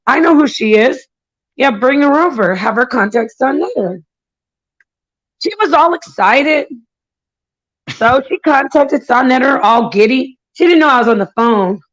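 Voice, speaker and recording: A woman with a fairly high voice rants casually and indignantly to her stream. She tells her story in a run of quick asides and now and then mocks other people with sugary impressions. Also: animated, rough recording. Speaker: channel host. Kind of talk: casual livestream rant.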